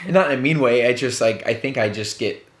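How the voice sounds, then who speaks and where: A man's voice: medium pitch, normal speed. Teasing man in his thirties. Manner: relaxed, teasing, dry humor. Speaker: co-host. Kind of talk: casual couple chat. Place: bedroom. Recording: echoey room.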